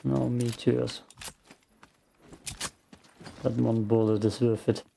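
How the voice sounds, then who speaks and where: A man giving calm, slow gameplay commentary, thinking out loud, with a gravelly morning voice. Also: medium pitch, a little hiss or hum. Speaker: game streamer.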